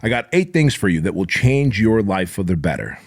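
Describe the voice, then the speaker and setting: A man's voice: fairly low pitch, big pitch swings, a little fast. A man in his forties hosting a podcast, giving a blunt, profane motivational monologue with heavy emphasis. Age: 40s. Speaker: podcast host.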